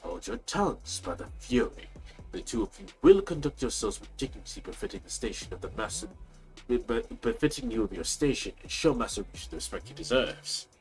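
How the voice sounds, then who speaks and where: A man's voice: medium pitch, big pitch swings, fairly quick, soft background music, close to an everyday voice, low-quality recording. A man doing a stern old nobleman. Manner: formal, stately reading with stumbles. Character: stern elderly nobleman, commanding father.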